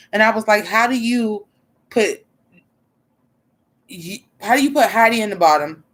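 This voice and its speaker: A woman giving blunt, casual livestream commentary on a drag show, talking expressively, swearing freely and answering her chat as she goes. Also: on the low side.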